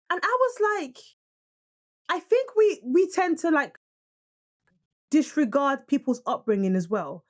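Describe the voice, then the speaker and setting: A young woman from Nigeria co-hosting a podcast in casual, argumentative chat. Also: high voice. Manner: animated, argumentative, quick to protest. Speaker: podcast co-host.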